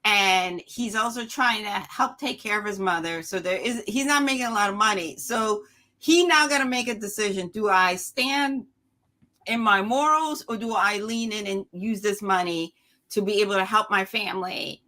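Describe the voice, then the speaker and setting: A woman's voice: mid-range voice, moderate pace. A woman film critic in a casual podcast roundtable, telling stories animatedly, laughing often and acting out the people she quotes. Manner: animated storytelling, acts out quoted characters.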